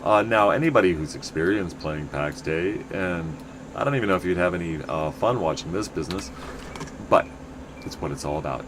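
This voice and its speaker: A man's voice: low-pitched, a little fast, noisy background. A middle-aged man from the United States, chatting in a rambling, casual way while streaming a game. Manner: rambling, chatty, many restarts.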